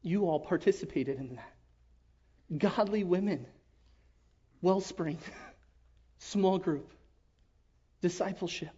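A man giving an emotional personal testimony to his church, earnest and halting, often dropping to a hush. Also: sits high, slightly rough. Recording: dull lo-fi recording.

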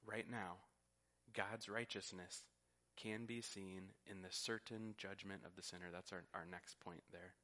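A man's voice: sits low, steady tone, unhurried, bright, forceful tone. A man preaching a sermon, teaching earnestly and often repeating words as he goes. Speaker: pastor.

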